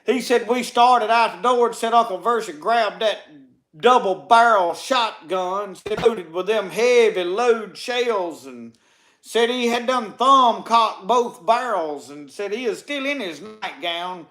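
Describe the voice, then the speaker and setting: A man with a Mississippi drawl spins folksy tall tales. His voice sits high for a man. He keeps looping back with "said.". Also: lively intonation, measured pace, fairly bright tone. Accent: Southern US, Mississippi. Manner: drawling, repeats "said" constantly. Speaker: storyteller. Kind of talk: folksy tall-tale storytelling.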